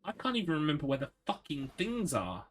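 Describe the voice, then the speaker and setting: A man's voice: on the high side, sing-song, a little fast, fairly bright tone, slight background noise. A young man streaming a horror game, ranting sarcastically and swearing as he gets frustrated. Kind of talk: live gameplay commentary.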